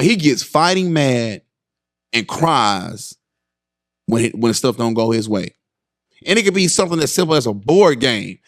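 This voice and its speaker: A man in his thirties hosting a casual parenting podcast. He tells family stories in a lively way, keeps checking in with his listeners, and acts out his sons' voices with big jumps in pitch. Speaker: podcast host and father.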